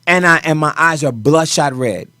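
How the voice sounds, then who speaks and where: A man, a choreographer as a talk show guest, tells a personal story in an animated way, his voice swinging between quiet and loud. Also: a little high, normal speed, clean tone, no room sound, clean studio sound.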